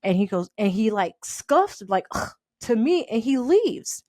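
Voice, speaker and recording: A woman casually telling a personal story, animated and laughing often as she acts out the people in it. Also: a little high, a little slow, no echo, clean studio sound.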